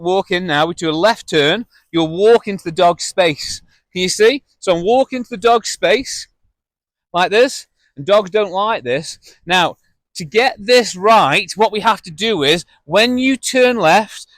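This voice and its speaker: A man's voice: high-pitched, a bit bright, no room sound. A man teaching dog handling, giving direct, instructive explanations while he demonstrates with a dog on a lead outdoors. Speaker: dog trainer. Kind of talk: hands-on training demonstration.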